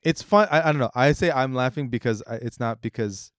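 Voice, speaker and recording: A man's voice: mid-range voice, fairly quick, no room sound, clean studio sound. A man co-hosting a podcast, talking in a rambling, reflective way with many restarts. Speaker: podcast co-host. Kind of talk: casual chat.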